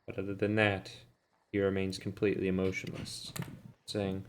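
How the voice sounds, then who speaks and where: A man running a tabletop game as game master, narrating in a measured, deadpan way. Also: low voice, slight background noise.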